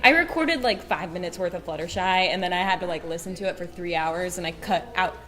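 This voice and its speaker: A woman's voice: fairly low pitch, fairly quick, a bit bright. A woman voice actress on a convention panel, bubbly and enthusiastic as she chats. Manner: bubbly, enthusiastic fan talk. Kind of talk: casual convention panel chat. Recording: convention room with a clear crowd.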